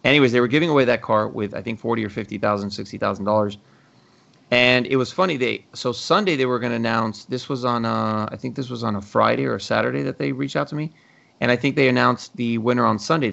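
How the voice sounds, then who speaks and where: On a lo-fi recording, a male podcast host speaks at medium pitch with vocal fry and a fairly bright tone. His show is casual, full of free swearing and acted-out retellings of conversations.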